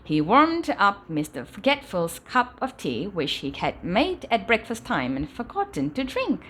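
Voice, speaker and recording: Animated woman reading a bedtime story. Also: medium pitch, a little slow. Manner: animated storytelling, dropping softly at sentence ends. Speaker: storybook reader. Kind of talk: bedtime storybook read-aloud.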